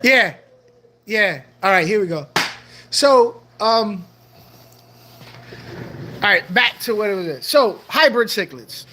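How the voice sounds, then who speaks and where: An aquarium channel host chatting casually on a livestream, animated and joking, often repeating phrases. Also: medium pitch, takes it slowly, pauses often, slight background noise.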